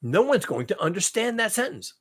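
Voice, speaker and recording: Brief: male host, fairly high voice, sarcastic profane rant, repeats himself, drops to mutters then flares up loud. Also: very animated, a little fast, husky. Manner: sarcastic, swearing, repeats phrases for emphasis; swings between low mutters and loud outbursts. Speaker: channel host. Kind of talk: ranting commentary on news.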